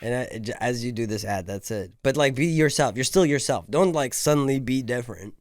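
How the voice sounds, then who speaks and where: A man's voice: medium pitch, expressive, a little fast, darkish tone, dry recording, studio quality. Teasing male podcast host. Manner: joking, teasing, laughs often. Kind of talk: casual podcast banter.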